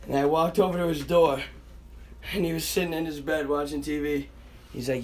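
Animated young man. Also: a little high, moderate pace. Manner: animated, swears constantly, acts out quoted voices. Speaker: podcast guest storyteller. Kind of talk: casual storytelling chat.

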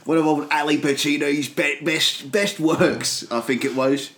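A man's voice: a little high, steady tone, a little slow, fairly bright tone, a little hiss or hum. A man improvising a rambling, giggly firefighter who keeps getting sidetracked by movies, in a comedy role-play. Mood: goofy. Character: dopey male firefighter obsessed with movies. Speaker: comedy podcast co-host. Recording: echoey room.

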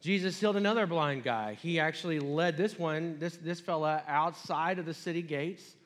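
A male pastor delivers a sermon in a relaxed, conversational storytelling manner. His voice sits a little higher than most men's. He drops in chatty asides as he goes. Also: normal speed.

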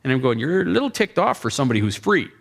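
A man who is a pastor telling a deliverance-prayer story in a sermon, acting out the dialogue with lively asides. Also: mid-range voice, rapid-fire, vocal fry.

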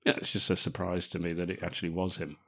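A man's voice: sits low, monotone, fast talker, vocal fry, a bit bright. A man co-hosting a podcast, joking and laughing often as he chats about a film. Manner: jokey, laughs often, teasing. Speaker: podcast co-host. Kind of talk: casual film-review chat.

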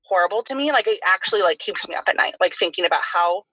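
A woman's voice: lowish voice, lively intonation, fast talker, pushed and bright, slightly rough, no echo. A woman in her thirties hosting a casual podcast chat, talking freely and filling her sentences with "like". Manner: chatty, heavy use of "like" fillers. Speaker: podcast host. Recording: dull lo-fi sound.

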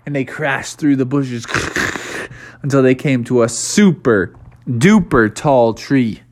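A man's voice: medium pitch, takes it slowly. A man casually telling an improvised children's story. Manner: casual, animated.

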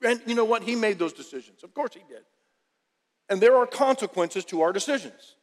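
A male pastor preaching a sermon in an animated, emphatic way, often repeating phrases. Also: high voice, fairly quick, in a large hall.

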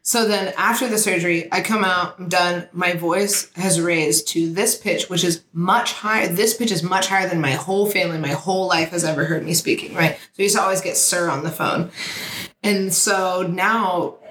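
A woman in her thirties co-hosting a casual podcast chat, telling stories in an animated, joking way. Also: on the low side, normal speed. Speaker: podcast co-host. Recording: echoey room with faint noise.

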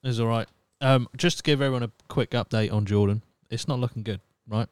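Smooth-voiced man hosting a podcast. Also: medium pitch, fast talker, no room sound. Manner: relaxed, swears casually, reads chat aloud. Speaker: podcast host. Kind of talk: casual chat.

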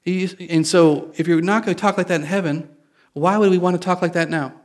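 A man's voice: sits high, fairly quick. Male pastor preaching in a conversational way. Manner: conversational, self-correcting, joking. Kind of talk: sermon.

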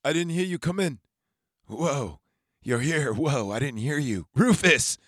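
Startled young clerk, flustered and high, as a man puts him on. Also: expressive, unhurried, a bit bright, breathy edge, no room sound, studio quality, exaggerated voice.

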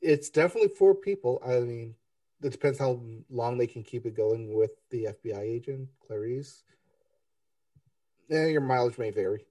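Laid-back podcast guy reviewing tv, warm low tone, a bit far from the mic. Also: moderate pace, no room sound. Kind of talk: casual chat.

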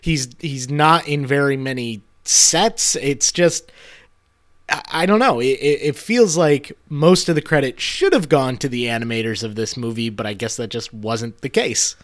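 A man's voice: medium pitch, normal speed. Blunt, opinionated podcast co-host man. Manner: blunt, opinionated, sarcastic asides. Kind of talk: casual movie podcast chat.

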